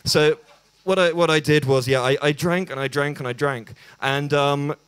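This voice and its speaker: A man's voice: on the high side, fairly even intonation, normal speed, clear, resonant tone, no room sound. Young english guy doing standup at an open mic, awkward self-deprecating, lots of ums, dry close sound. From England. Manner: hesitant and self-deprecating, many ums and restarts. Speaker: stand-up comedian. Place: small bar venue.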